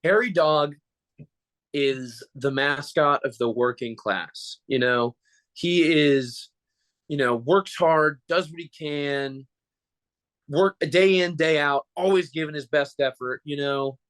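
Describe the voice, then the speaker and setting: A man who performs as a mascot, telling animated, joking stories in a casual interview. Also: on the high side, slow, no echo, rough recording.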